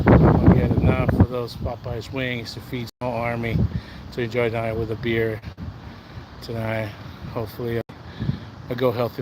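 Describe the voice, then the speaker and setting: A man's voice: medium pitch, level tone, measured pace, long pauses. A man chatting casually on a live walk-and-talk stream, answering viewer comments and calling them bro and man, on a phone mic outdoors. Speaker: livestreamer. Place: outdoors, walking. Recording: loud wind and traffic noise.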